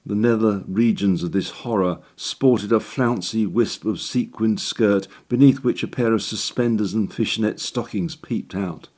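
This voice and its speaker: A man's voice: lowish voice, unhurried, few pauses, a little mellow. A man reading a comic story aloud in a dry, wry narrating manner.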